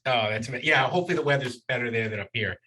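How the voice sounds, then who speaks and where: A man's voice: medium pitch, very fast, noisy background. A man hosting a casual radio interview show, upbeat and chatty with many filler uhs. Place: studio in New York state.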